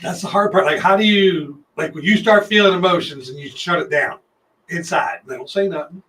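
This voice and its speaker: A man's voice: high-pitched, moderate pace, fairly bright tone. A man in casual podcast chat, teasing the others with probing questions. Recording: distant mic, faint background noise.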